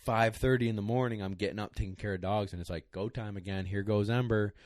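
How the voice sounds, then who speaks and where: Man, deep voice, dry close sound; casual podcast storyteller, rambling and emotional, near tears. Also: steady tone, fast, no echo. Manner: emotional, rambling, choked up at times. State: tearing up. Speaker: podcast co-host, dog trainer.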